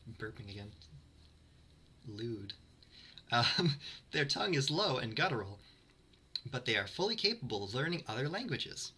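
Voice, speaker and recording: A man's voice: mid-range voice, pushed and bright, slight background noise. A man streaming to his chat, reading lore aloud and breaking off for dry, sarcastic, self-mocking asides.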